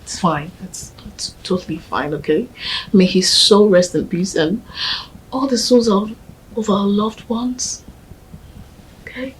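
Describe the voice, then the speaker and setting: An actress with a Nigerian accent playing a young woman who softly comforts her grieving partner, often whispering. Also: mid-range voice, takes it slowly, pauses often, a little hiss or hum, close to an everyday voice, low-quality recording. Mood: tender. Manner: soft, tender, often whispering. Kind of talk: Nollywood film acting.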